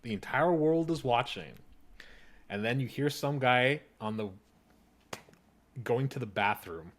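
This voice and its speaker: Lively laughing man on a podcast. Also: mid-range voice, a little slow. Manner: laughs easily, tells stories with lively emphasis. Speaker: podcast co-host. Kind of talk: casual podcast chat.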